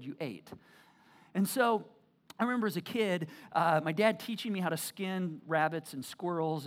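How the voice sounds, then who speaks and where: A male pastor giving a sermon in church, talking in a casual, animated way with many restarts. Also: high-pitched. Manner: conversational, animated, frequent restarts and fillers.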